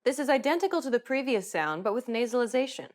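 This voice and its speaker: A woman's voice: fairly high pitch, fast. Woman narrating a pronunciation lesson. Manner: clear, even instructional delivery. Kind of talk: scripted narration.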